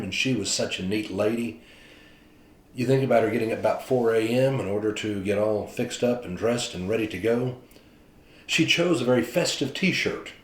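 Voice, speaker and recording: A man's voice: medium pitch, reverberant. A man, a pastor, telling stories in a casual, chatty devotional talk. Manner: chatty storytelling, animated retelling.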